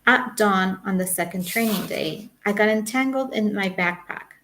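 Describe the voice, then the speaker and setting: A woman reading her own travel memoir aloud in a wry, measured storytelling manner. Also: medium pitch, fairly bright tone, slight background noise. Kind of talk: audiobook memoir narration.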